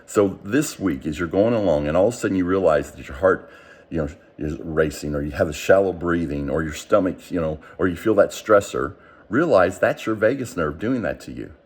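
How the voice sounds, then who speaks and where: Low, husky-voiced male coach. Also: expressive, a little fast. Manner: earnest and explanatory, with frequent restarts. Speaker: mindset coach. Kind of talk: motivational teaching talk.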